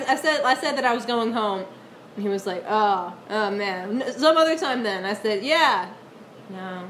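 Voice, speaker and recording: A woman's voice: a little high, fairly bright tone, slight background noise. A young woman telling a rambling story in casual chat, with lots of fillers and giggles.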